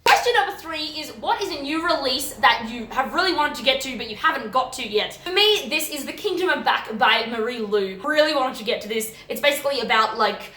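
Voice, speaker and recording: A young woman reviewing books in a casual vlog, animated and gushing, often ranting and cutting herself off mid-sentence. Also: high voice. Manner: animated, gushing and ranting, quick self-interruptions. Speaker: book vlogger. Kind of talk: casual book review chat. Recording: echoey room.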